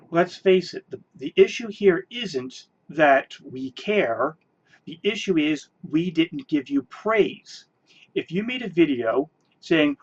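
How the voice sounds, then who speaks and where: A man's voice: a little high, slightly rough, lo-fi sound. A man ranting in a response video, sarcastic and scornful, mocking the person he answers. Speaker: video commentator.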